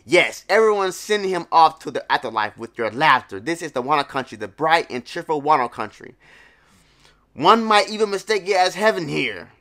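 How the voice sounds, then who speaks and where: A man voicing a cruel male shogun villain with a booming evil laugh and a mocking way of talking. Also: sing-song, normal speed, bright, forceful tone, exaggerated voice.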